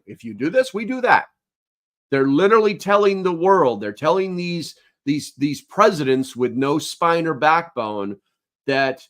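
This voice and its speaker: A man's voice: medium pitch, fairly bright tone. A man hosting a prepper news show, giving blunt, wry, rambling commentary with the odd curse word. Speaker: host of a prepper news channel.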